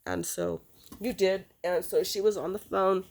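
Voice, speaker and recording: A woman recounting a painful personal memory, halting, with many fillers and restarts. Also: mid-range voice. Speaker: storyteller.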